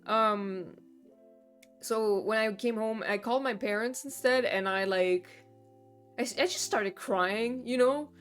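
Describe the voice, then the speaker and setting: A woman's voice: fairly high pitch, measured pace, fairly bright tone. A young woman streamer in casual chat, venting in long rambling runs full of fillers and swearing. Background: faint background music.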